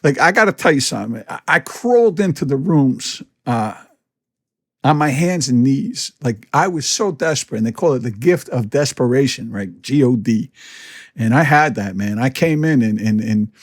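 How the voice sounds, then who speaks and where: A man's voice: medium pitch, expressive, normal speed, no room sound, clean studio sound. A man in his fifties, a podcast host, talking in a blunt and candid way, with many restarts, in a casual monologue. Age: 50s.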